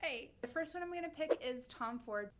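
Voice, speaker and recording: A woman's voice: high-pitched, lively intonation, normal speed, background noise. A woman in her thirties talking casually to camera as a beauty vlogger, gushing with enthusiasm and stumbling over names. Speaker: beauty vlogger reviewing perfumes.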